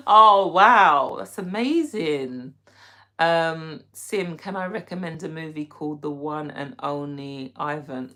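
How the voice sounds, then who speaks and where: A woman's voice: deep voice, animated, a little slow, fairly bright tone. A young British woman hosting a live stream, chatting casually and giggling as she answers viewers by name. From Britain. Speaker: livestream host reading chat.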